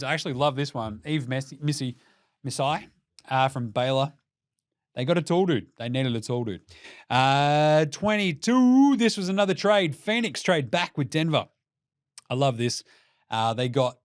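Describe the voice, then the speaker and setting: A man's voice: mid-range voice, no room sound, clean studio sound. A young Australian man hosting a podcast, giving a mocking, sweary rant of casual commentary. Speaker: podcast host.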